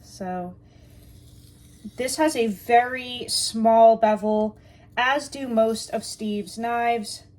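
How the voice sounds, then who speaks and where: A woman's voice: a little high, extremely slow, a little mellow. A woman reviewing a knife in a casual, chatty way, joking and talking straight to her viewers while she sharpens at her workbench.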